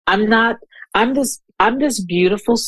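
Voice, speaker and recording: A woman in her fifties, a guest poet talking in an interview, who speaks haltingly and searches for her words, then reads her poem aloud. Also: a little high, fairly bright tone, dry recording, poor audio. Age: 50s. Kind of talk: interview conversation with poetry reading.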